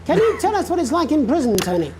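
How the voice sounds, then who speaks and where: An actress playing a polite, earnest news anchor with a polished manner. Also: female voice, high voice, sing-song, fast talker, a loud crowd. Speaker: news presenter.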